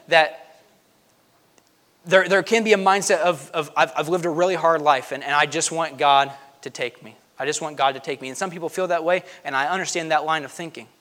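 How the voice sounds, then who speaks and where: High-voiced, lively man preaching. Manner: lively and emphatic, jokes asides, swings between loud and hushed. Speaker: pastor. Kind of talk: sermon.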